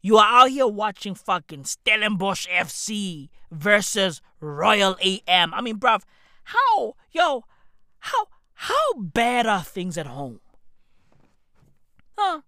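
A man's voice: high-pitched, sing-song, slow pace, bright, forceful tone, no echo, clean studio sound. A man, hosting a podcast in a profane, mocking comedic rant full of rhetorical questions. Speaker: podcast host.

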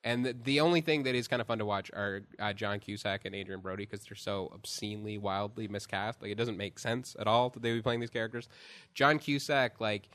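A man's voice: on the low side, fairly even intonation, a little fast, a bit bright. A man chatting casually as he reviews a film, rambling with lots of fillers and restarts. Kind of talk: casual chat.

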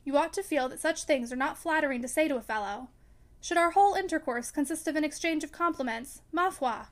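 A woman's voice: high-pitched, a little fast, close to an everyday voice. A woman reading the part of an impulsive, charming young man who turns heated and emphatic in a storybook. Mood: impatient.

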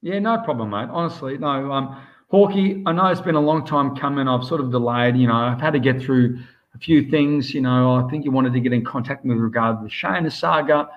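A man's voice: mid-range voice, a little fast. An Australian man, a swim coach, chatting casually on a podcast and telling stories with plenty of "mate". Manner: lively storyteller, calls everyone mate. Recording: muffled lo-fi audio.

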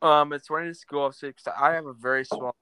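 A man's voice: fairly high pitch, fairly even intonation, fast, bright, forceful tone, slight background noise. A man who acts on stage, chatting casually and teasing bluntly with a dry tone. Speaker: stage actor and podcast guest. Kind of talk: casual chat.

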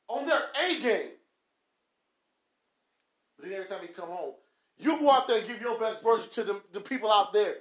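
In an echoey room, a male podcast host with a very high, fairly bright voice delivers a blunt, scolding motivational rant. He mocks people by quacking at them.

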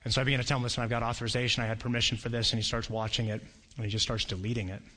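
A man preaching a sermon, telling a personal story with animated storytelling and acting out voices. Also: medium pitch, very fast. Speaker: pastor.

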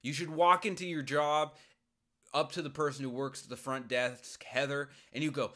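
A man hosting a solo advice podcast, answering a listener's question in a jokey, rambling way with sudden loud outbursts. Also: fairly high pitch, flat delivery, normal speed.

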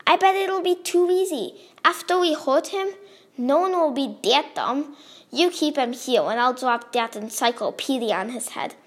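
A woman's voice: sits high, animated, normal speed. A woman voicing a brash boy bully with a put-on New Jersey accent.

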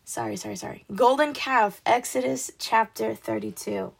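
A woman reads a Bible passage aloud casually, stumbling over words, apologizing for her slips, and laughing at her own mistakes. Her voice is fairly high and creaky, at a moderate pace.

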